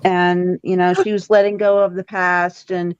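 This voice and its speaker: A woman's voice: fairly low pitch, little pitch movement, normal speed, smooth, highs cut off. A woman chatting casually as a tarot-reading co-host, rambling and repeating her words. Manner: rambling, repeats words, quotes people in little voices.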